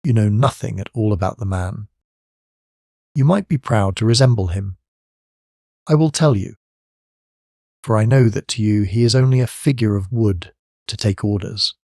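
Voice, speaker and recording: A wry, devoted young pirate lieutenant tells a shipmate's story with knowing amusement, as a man reads him aloud. The voice sits low and dry, close to the mic, like a storybook read at the table. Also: normal speed, creaky, long pauses, mellow, no echo.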